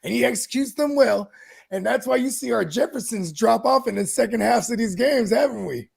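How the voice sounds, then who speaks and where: A man's voice: very high voice, brisk, creaky, breathy edge. A man co-hosting a sports podcast, chatting casually and joking around. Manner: joking, animated, puts on voices for bits. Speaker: podcast co-host.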